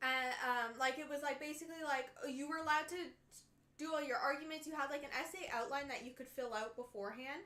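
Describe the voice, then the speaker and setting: A young woman chatting casually while building a model, telling a school story with lively acted-out quotes. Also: sits high, fast, echoey room. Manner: animated storytelling, acts out quotes. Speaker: stream co-host.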